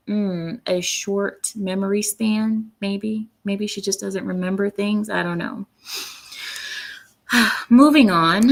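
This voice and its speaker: Woman, commentary host, sarcastic, mocking, unhurried delivery, gravelly fry. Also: medium pitch, a bit bright. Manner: sarcastic, mocking, with many fillers. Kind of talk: opinionated political commentary.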